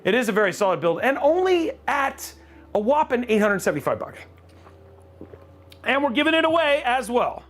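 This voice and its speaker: Building a PC on a live stream, a man with an extremely high pitch speaks at a moderate pace, taking long pauses. He keeps things animated and jokey, casually chatting with viewers as he works.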